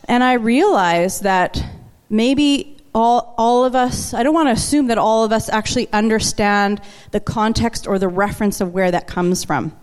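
A woman preaching a sermon to her congregation, chatty and emotional, slowing down to lean on key words. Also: fairly high pitch, clear, resonant tone. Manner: conversational and emotional, slows for emphasis. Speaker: worship leader preaching. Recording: long church hall reverb.

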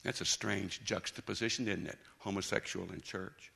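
A man preaching a sermon, emphatic, dropping to quiet intensity and rising to loud bursts. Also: deep voice, steady tone, normal speed, vocal fry, slightly rough.

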